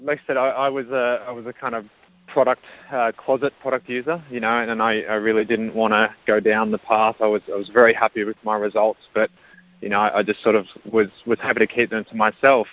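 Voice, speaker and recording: A man's voice: on the low side, little pitch movement, a little fast, dull audio. A man, a guest telling a personal story in a casual way, with many fillers.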